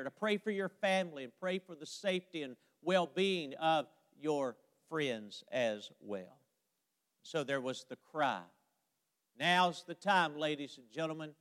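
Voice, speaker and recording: A man's voice: high-pitched, a bit bright. A man preaching a sermon, quoting scripture emphatically and drawing out the ends of his phrases. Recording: long hall reverb.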